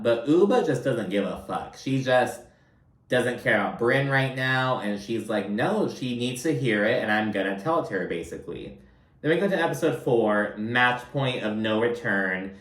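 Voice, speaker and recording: A man's voice: mid-range voice, fairly bright tone, far from the mic. A man chats through a reality TV recap in a loose, profane, filler-heavy way. He sits a little back from the mic, and the room rings around his voice. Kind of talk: casual recap commentary. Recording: roomy, from off-mic.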